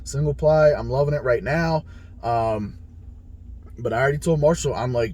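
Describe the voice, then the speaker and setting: A powerlifter with a medium-pitched, slightly mellow voice casually recounts his training at a moderate pace. He's blunt and heavily profane, acting out the conversations he had, with slight background noise behind him.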